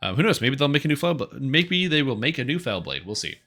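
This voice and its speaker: Guy streaming games, rambly and opinionated, bright sharp tone, chatty. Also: medium pitch, big pitch swings, quick pace. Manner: rambling, offhand and opinionated, with frequent fillers. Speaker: game streamer. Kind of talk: casual live-stream commentary.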